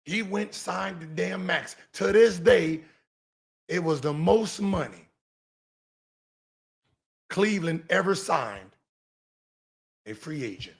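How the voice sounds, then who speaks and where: A man in his forties hosting a podcast, giving heated commentary and mocking someone in an animated, sing-song teasing way. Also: high voice, takes it slowly, gravelly, pauses often. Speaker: podcast host.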